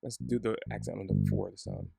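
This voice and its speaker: Gravelly-voiced man teaching bass. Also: brisk, dry recording, clean studio sound, soft background music. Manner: relaxed, chatty, self-deprecating. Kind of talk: casual bass lesson.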